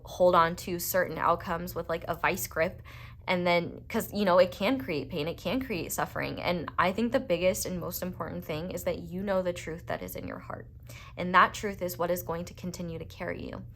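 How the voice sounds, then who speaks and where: A young woman giving a casual tarot reading in a gentle, reassuring way, with many fillers. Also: lowish voice, slight background noise. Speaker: tarot reader.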